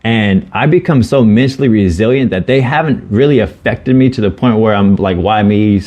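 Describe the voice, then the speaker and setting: The recording is muffled, carrying a man's medium-pitched, slightly mellow voice at a somewhat fast pace. An adult with children co-hosting a podcast, he speaks earnestly and openly about hard times, swearing often, in a candid conversation.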